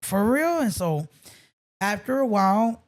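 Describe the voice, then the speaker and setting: A man's voice: sits high, big pitch swings, unhurried. A man, a guest on a podcast, chatting casually and telling loose stories with swearing and bits of Spanish. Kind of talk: casual chat.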